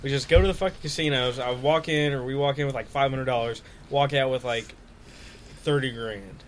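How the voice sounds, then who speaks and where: A man's voice: medium pitch, a little fast, slight background noise. A young man chatting casually with friends, telling stories with lots of swearing and acted-out quotes. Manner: animated storyteller, swears a lot, acts out quotes.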